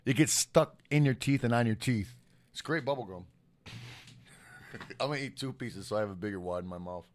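A man's voice: medium pitch, normal speed, slight background noise. A man co-hosting a podcast, chatting casually, rambling, laughing often and swearing a lot. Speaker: podcast co-host. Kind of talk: casual profane chat.

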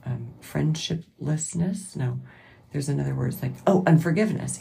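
A woman's voice: low-pitched, normal speed, gravelly, mellow. A woman, hosting a podcast as a rambling, self-correcting, emotional faith-based monologue. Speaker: podcast host.

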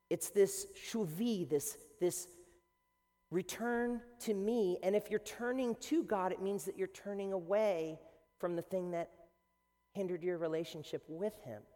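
A man preaching a sermon as a pastor, animated and swinging between quiet and loud. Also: sits high. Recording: long hall reverb.

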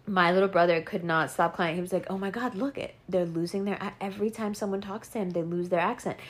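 A woman talking casually in an animated, profane rant, laughing and doing mocking impressions. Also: lowish voice, fast talker. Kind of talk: casual rant about actors.

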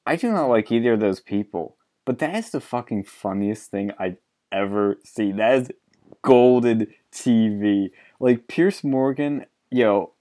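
A man's voice: lowish voice, darkish tone. Blunt, profane male podcast host. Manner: blunt, profane, laughs often. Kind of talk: casual political chat.

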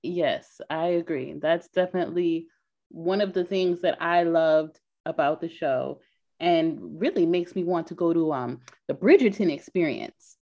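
A woman co-hosting a podcast in casual chat, talkative and quick to laugh, with lots of filler words. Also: sits low, warm tone. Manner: chatty, laughs often, many "like" fillers. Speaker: podcast co-host. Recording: dull lo-fi sound.

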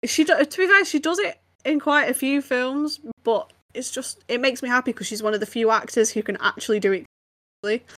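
A young English woman co-hosting a podcast in casual chat, bubbly and quick to laugh, wandering off on tangents. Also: sits high, fairly bright tone. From England. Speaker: podcast co-host.

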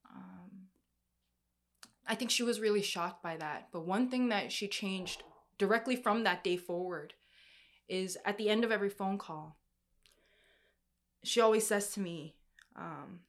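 Young woman, gentle, halting personal testimony to her viewers, restarts often. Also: medium pitch. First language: Korean heritage, speaks some Korean. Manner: soft, halting and emotional, with many restarts. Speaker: speaker sharing a personal story.

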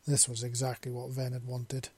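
Quiet man with a flat, husky voice. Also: medium pitch, moderate pace. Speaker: story narrator. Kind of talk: scripted narration of a romance story.

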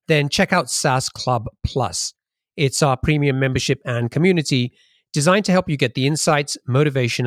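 A man's voice: medium pitch, no room sound, studio quality. A man hosting a podcast, reading a sponsor message and asking his guest questions in an eager, conversational way. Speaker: podcast host. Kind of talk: podcast interview and ad read.

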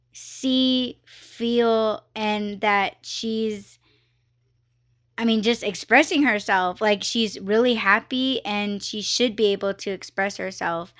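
Chatty woman podcast host, bright voice. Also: a little high. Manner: chatty, animated, slips into quoted voices. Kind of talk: casual storytelling monologue. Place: her office.

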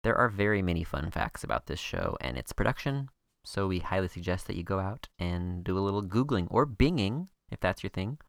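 A woman co-hosting a podcast, chatting casually with a wry, skeptical edge. Her voice sits very low for a woman. The sound is dry and close, with no room to it. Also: animated, gravelly, no echo. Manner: wry, skeptical, fast recaps. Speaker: podcast co-host. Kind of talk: casual chat.

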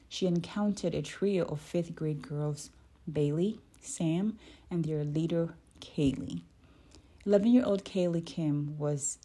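Woman reading a children's book aloud; husky, low and unhurried, gentle pace. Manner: careful, gentle, correcting her own slips. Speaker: reader.

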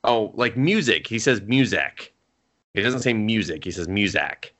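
A man's voice: on the low side, expressive, normal speed, a bit bright. A man in his thirties co-hosting a podcast, telling family stories in casual chat, laughing often and swearing freely. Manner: laughing storyteller, swears freely, quotes people. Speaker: podcast co-host.

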